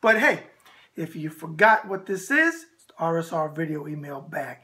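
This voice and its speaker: A male host from Michigan runs a boxing viewer-question show from his home. He talks in a brash, opinionated way and keeps coming back to his catchphrase. His voice has a sharp, forceful edge. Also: a little high, very animated, normal speed.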